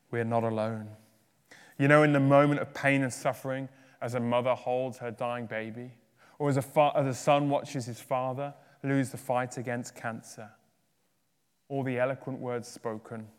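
A man preaching a sermon in a church hall, his voice carrying a long reverb through the room. He swings between forceful, raised climaxes and quiet, drawn-down closes. His pitch sits in an ordinary middle range. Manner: dynamic, swinging from loud emphatic peaks to hushed low endings.

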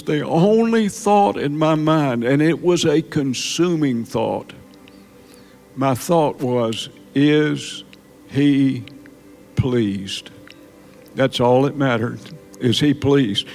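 A man preaching a sermon in church, halting and repeating words, then building to emphatic peaks. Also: a little high. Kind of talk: sermon testimony.

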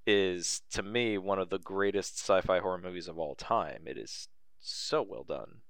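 A man's voice: deep voice, a little slow, fairly bright tone, no room sound, studio quality. A man chatting casually and keenly, swearing now and then. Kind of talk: casual chat.

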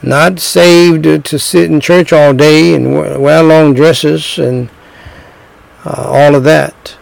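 A middle-aged man preaching a sermon, slow and emphatic, repeating phrases and telling stories. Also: on the high side, fairly even intonation, vocal fry, low-quality recording.

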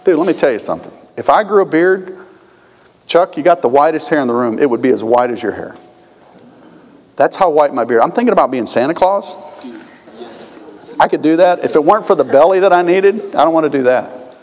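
A man preaching a sermon as pastor, swinging between quiet conversational asides and loud, emphatic peaks. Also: a little high, lively intonation, fairly quick, long pauses, dull audio. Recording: long hall reverb.

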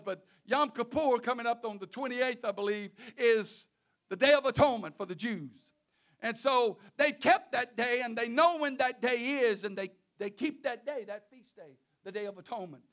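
A male preacher delivering a sermon in a halting way, often repeating words and restarting, with chuckles between phrases. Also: very high-pitched, a bit bright.

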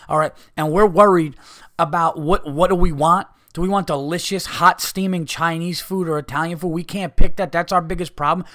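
Fired-up guy ranting and swearing, kinda high voice, dry sound. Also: a bit bright, no room sound. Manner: heated, profane, exasperated ranting. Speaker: podcast host. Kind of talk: ranting casual monologue.

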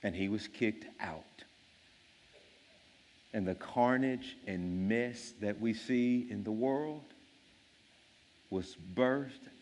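A man's voice: on the low side, slow pace, pauses often, a little mellow, long reverb tail. A man preaching a sermon as a pastor, telling a story in an earnest, emphatic way.

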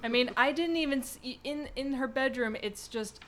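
A woman's voice: sits high, moderate pace, a bit bright, a little hiss or hum. A woman co-hosting a casual book chat who talks in a teasing, emphatic way.

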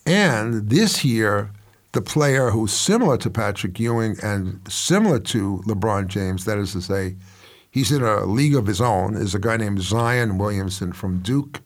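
A man's voice: fairly low pitch, animated, measured pace. An older man in his seventies hosting a commentary show, telling stories in a rambling, wry and self-mocking way. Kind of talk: casual storytelling commentary.

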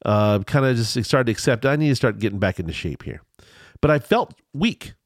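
Rambling middle-aged man, lively pitch. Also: brisk, no room sound, studio quality. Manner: rambling storyteller, many restarts. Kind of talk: casual chat.

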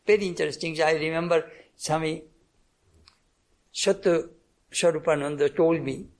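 A high-voiced man gives a devotional talk, telling anecdotes and acting out little exchanges between the people in them. He restarts his sentences often and keeps breaking off to cough. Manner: anecdotal, acts out dialogue, frequent restarts. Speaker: spiritual speaker.

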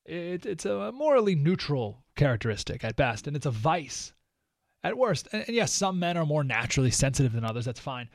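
A man's voice: fairly high pitch, very animated, fairly quick, vocal fry, dry recording, clean studio sound. A man hosting a radio talk show, delivering an opinionated monologue in a sarcastic, mocking, emphatic manner. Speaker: radio host.

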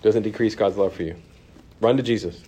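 A man teaching a church Bible course to a class. He talks conversationally, poses questions to the room and fills pauses with ums and restarts. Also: on the low side, dark tone, breathy edge.

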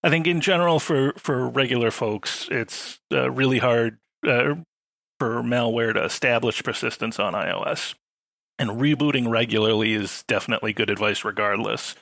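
A podcast panelist explains things at a measured pace in a casual discussion, letting dry humor surface now and then. His voice is crisp and bright with a gravelly undertone and medium pitch, recorded dry and close to the mic with no echo.

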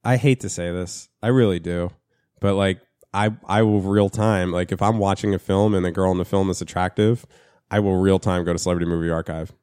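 A man's voice: sits low, steady tone, brisk, darkish tone, smooth, no room sound, studio quality. A man in his thirties from the United States, chatting crudely on a podcast, rambling with stammered restarts. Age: 30s. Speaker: podcast co-host. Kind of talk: casual crude banter. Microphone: studio mic.

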